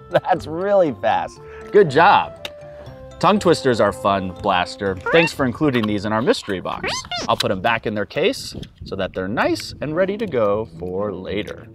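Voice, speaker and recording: Animated woman hosting a kids' show. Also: very deep voice. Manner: excited exclamations, slow and clear for kids. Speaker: children's show host. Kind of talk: playful educational talk to young children. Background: background music.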